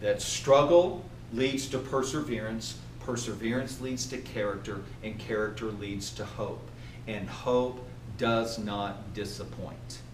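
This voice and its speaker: A man giving a motivational training talk to a group, animated and often asking his listeners questions. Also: fairly low pitch, takes it slowly, noisy background. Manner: animated, asks the audience questions. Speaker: workplace trainer. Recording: echoey room from far off.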